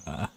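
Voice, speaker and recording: A man's voice: dark tone, a little hiss or hum. A man chatting casually on a live game stream, laid-back and joking, full of slang.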